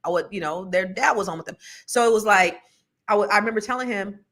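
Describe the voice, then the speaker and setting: A woman in her forties talking earnestly and reflectively on a podcast, telling animated stories about raising her kids. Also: mid-range voice, fast talker. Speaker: podcast co-host. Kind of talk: casual podcast conversation.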